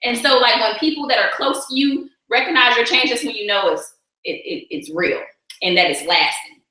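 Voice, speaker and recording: A woman's voice: on the high side, fairly quick, pushed and bright, heavy reverb, rough recording. A woman guest speaking candidly and reflectively in a casual faith talk. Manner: candid, reflective, talks with "like" and "you know".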